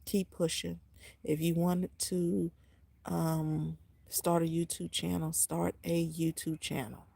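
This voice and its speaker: A woman's voice: fairly low pitch, little pitch movement, takes it slowly, gravelly, mellow, husky, no room sound. A woman in her fifties talking off the cuff in an emotional, rambling vlog. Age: 50s. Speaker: vlogger. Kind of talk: unscripted casual vlog.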